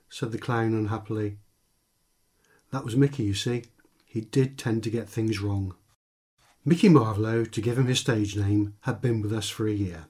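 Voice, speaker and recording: A man's voice: on the low side, moderate pace, darkish tone, husky. A man reading his own comic short story for radio in a dry, wry first-person narration. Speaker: author and reader.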